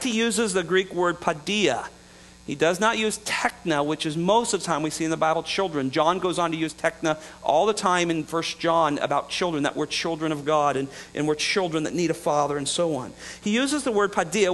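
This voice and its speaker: A man's voice: fairly high pitch, normal speed, fairly bright tone, poor audio. A man preaching a conversational sermon, chuckling and acting out little dialogues as he explains the passage. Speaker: pastor. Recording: mains hum in the background.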